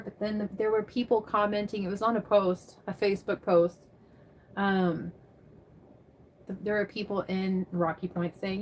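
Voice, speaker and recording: A woman's voice: mid-range voice, steady tone, measured pace, a little hiss or hum. Chatty woman livestreamer answering viewers. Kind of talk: casual chat reading live comments.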